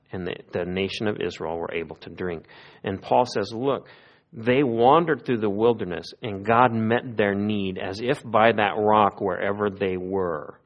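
A male pastor with a lowish voice preaches with earnest conviction. He swells into emphatic pleas, then sinks into hushed, prayerful lows. The recording sounds dull and lo-fi. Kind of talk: sermon.

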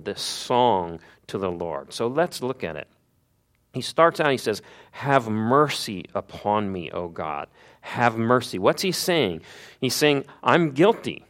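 A man with a fairly low voice delivers a sermon, retelling a Bible story in an earnest, storytelling way. He poses rhetorical questions to his listeners and lets his phrase endings sink low and quiet. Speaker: preacher.

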